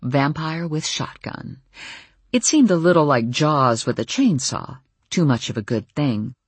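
A woman narrating a first-person audiobook with a wry, lively storytelling manner. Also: low-pitched, a little slow, breathy edge, no room sound.

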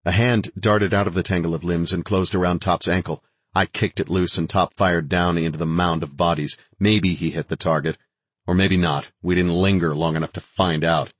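Low husky guy reading a thriller audiobook, dry close sound. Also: steady tone, normal speed, dry recording. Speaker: audiobook narrator. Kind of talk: first-person thriller narration.

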